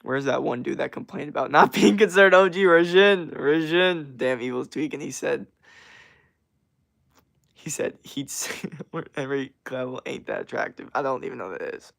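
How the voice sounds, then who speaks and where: A man's voice: medium pitch, moderate pace, vocal fry. A young man chatting casually on a livestream, rambling with lots of fillers and slang as he answers chat comments. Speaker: streamer.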